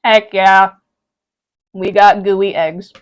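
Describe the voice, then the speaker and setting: A woman's voice: medium pitch, fairly even intonation, extremely slow, clear, resonant tone. A young woman chatting casually with her stream from home while she cooks and eats brunch, bubbly and laughing often. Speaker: live streamer.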